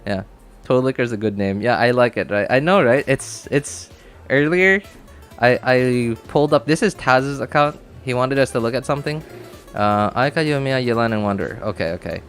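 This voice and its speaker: A man's voice: medium pitch, normal speed, soft background music. Rambling male game streamer. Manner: rambling, lots of fillers and restarts, laughs easily. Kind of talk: casual livestream chat.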